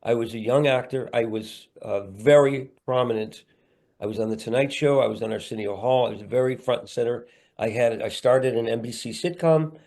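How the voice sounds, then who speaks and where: A middle-aged man with a gravelly voice speaks as a podcast guest over a video call. He rambles, turns earnest, and tosses in playful asides. His pitch sits in a medium range. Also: moderate pace, a little mellow. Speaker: guest comedian and actor. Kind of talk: candid podcast interview.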